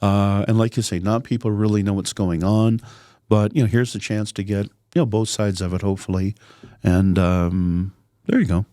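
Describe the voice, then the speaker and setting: Raspy middle-aged councillor, easygoing and joking, mellow dark tone, dry close sound. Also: male voice, on the low side, fairly even intonation, normal speed, dry recording. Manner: easygoing, joking, talks in loose rambling phrases. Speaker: city councillor and podcast guest. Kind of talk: casual podcast interview.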